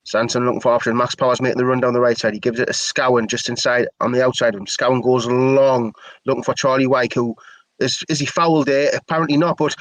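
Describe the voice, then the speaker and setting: A man's voice: medium pitch, steady tone, fast, no room sound, poor audio. A man giving chatty, opinionated live play-by-play commentary for a fan stream. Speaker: match commentator.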